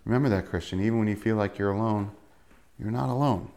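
A man preaching a sermon with lots of energy and humor. His voice swings widely in pitch as he acts out quick asides and reads verses aloud. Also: a little mellow. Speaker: pastor.

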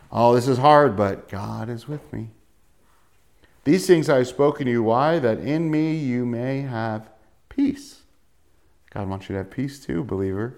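A man preaching a sermon in a lively, joking way, acting out little asides and quotes as he reads from scripture. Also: medium pitch. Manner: animated, jokey preaching with voiced asides. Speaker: pastor.

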